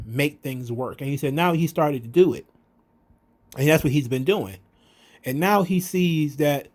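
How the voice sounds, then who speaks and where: Man, casual wrestling recap, animated and profane, fairly high voice. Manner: animated, profane, acts out quotes in raised voices. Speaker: wrestling commentary podcaster.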